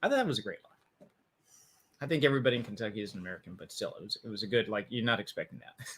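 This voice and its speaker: A man hosting a casual film review chat, joking and animated, often restarting his sentences. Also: on the low side, very fast, slightly rough. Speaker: podcast host reviewing a film.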